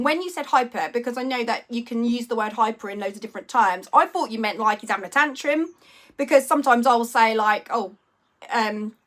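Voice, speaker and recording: A woman, chatting casually on a live stream and reading out viewers' comments. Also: fairly high pitch. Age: 40s. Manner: chatty, rambling, warmly reacting to viewers' messages.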